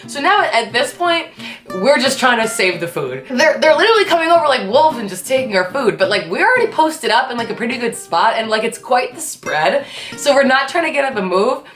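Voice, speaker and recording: A woman hosting her vlog, telling a story in a casual, animated and profane way. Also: fairly high pitch, a little fast. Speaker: host. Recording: echoey room with faint guitar music.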